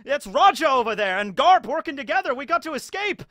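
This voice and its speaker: A man's voice: extremely high pitch, big pitch swings, fairly quick, bright, forceful tone, no echo, studio quality, voice pushed up, exaggerated voice. A man voicing a worried male pirate advisor in a clumsy put-on Scottish accent, urgently pleading to retreat. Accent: Scottish, put on badly.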